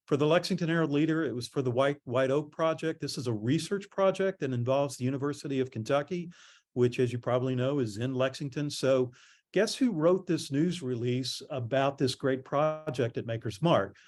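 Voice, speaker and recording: A middle-aged man giving a conference presentation on public relations, telling stories in a relaxed, conversational way. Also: medium pitch, moderate pace. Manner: conversational storytelling, animated quoting.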